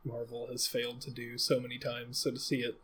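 A man's voice: mid-range voice, a little fast. Laid-back man chatting about a film. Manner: relaxed, laughs often, many restarts. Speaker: podcast co-host. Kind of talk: casual film review chat.

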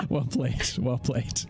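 A man hosting and narrating a live tabletop game as game master, relaxed and chatty, often laughing. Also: mid-range voice, creaky. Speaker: game master and show host.

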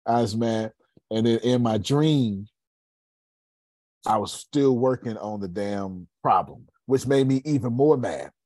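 A man's voice: mid-range voice, measured pace, warm tone, dry recording. A man hosting a podcast in casual live coaching talk, emphatic, repeating phrases and calling listeners by name. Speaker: podcast host.

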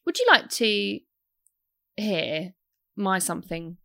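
A woman's voice: medium pitch, big pitch swings, slow, gravelly, a bit bright, no room sound, clean studio sound. A woman co-hosting a podcast in casual, enthusiastic chat. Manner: chatty, enthusiastic, laughs often. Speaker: podcast co-host.

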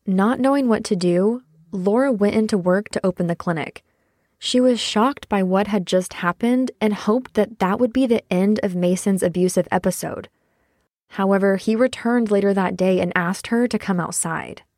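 A woman's voice: mid-range voice, normal speed, a little mellow, no echo. Woman narrating a podcast, dry sound. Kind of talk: scripted narration.

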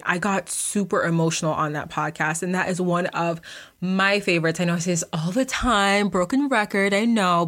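A woman's voice: fairly low pitch, a bit bright. Chatty woman hosting an unscripted podcast. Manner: rambling, goes off on tangents; chatty, slangy and informal. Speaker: podcast host. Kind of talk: casual unscripted solo podcast chat. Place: home basement.

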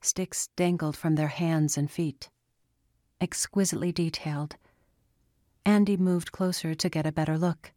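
A woman narrating an audiobook in a calm, measured storytelling manner. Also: deep voice, dry recording. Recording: dry close studio sound.

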